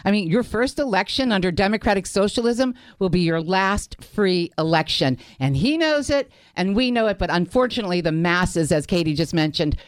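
A woman's voice: mid-range voice, expressive, moderate pace, few pauses, dry recording. A woman from Pittsburgh, a guest in a radio studio, talking emphatically and laughing often. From Pittsburgh, Pennsylvania. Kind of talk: talk radio banter. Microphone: studio microphone.

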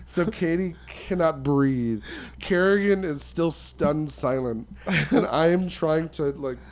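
A man's voice: fairly high pitch, slow, a little mellow. A man chatting casually with a friend, telling a funny story and laughing through it. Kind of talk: casual chat.

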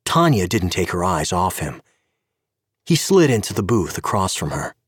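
A man giving an expressive scripted narration of an audio story. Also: low voice, normal speed, breathy edge, dry recording, clean studio sound.

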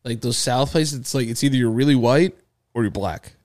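A man's voice: medium pitch, fairly quick, darkish tone. A young man co-hosting a podcast, telling laid-back stories in casual chat with plenty of slang. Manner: laid-back storytelling with slang and acted-out quotes. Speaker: podcast co-host.

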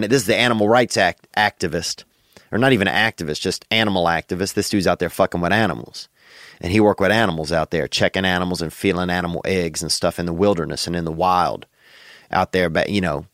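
Low-voiced joking man, dry close mic. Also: a bit bright, no echo. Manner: drawling, joking, slangy. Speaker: podcast host. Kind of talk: casual comedic chat.

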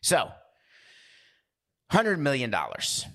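This sports podcast host speaks slowly in a mid-range, slightly bright voice whose pitch swoops wildly. He rambles through a casual talk-show monologue, wandering off on tangents and chattily posing rhetorical questions.

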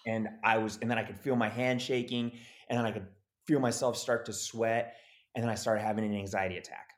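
A man with a fairly low voice tells a story in a relaxed interview. He is animated and jumps into the voices of the people in his story. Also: fairly quick. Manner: animated, acts out quoted voices. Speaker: actor guest.

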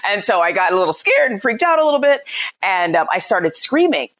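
A middle-aged woman and parenting coach talks in a conversational interview. She is animated, acts out quotes and keeps checking in with "right?". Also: mid-range voice, fairly quick.

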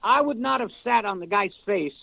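An older man, a guest actor, telling rambling, animated stories with many restarts in a casual podcast chat. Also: sits high, moderate pace, creaky, dry recording. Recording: tinny phone-line audio, dry.

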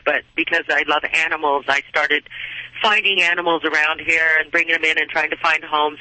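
A woman's voice: deep voice, pushed and bright, no room sound, rough recording. A woman from Southern California calling in to a radio show, talking in a hesitant, rambling way with many fillers. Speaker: caller. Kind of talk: phone-in question.

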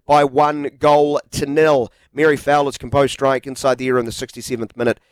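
Teasing New radio host, dry studio. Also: male voice, mid-range voice, flat delivery, a little fast, no room sound. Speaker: radio sports show host. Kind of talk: casual radio banter and sports news reading. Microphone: studio microphone.

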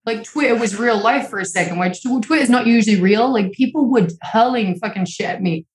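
A woman's voice: fairly high pitch, fairly quick. Young woman, podcast guest, candid and emotional, heavy swearing and "like" fillers, echoey home room. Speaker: interview guest. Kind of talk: candid conversational storytelling.

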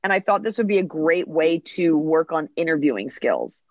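A woman comedian in her thirties, a podcast guest, telling quick, chatty stories and acting out quoted lines in casual interview talk. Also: low-pitched, very animated, a little mellow, lo-fi sound.

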